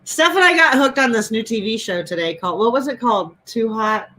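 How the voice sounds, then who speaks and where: A woman's voice: fairly high pitch, animated, fairly quick, bright, forceful tone, low-quality recording. A woman hosting a casual chat over a video call, telling stories with a lot of laughter. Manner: chatty, laughing storyteller. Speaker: host.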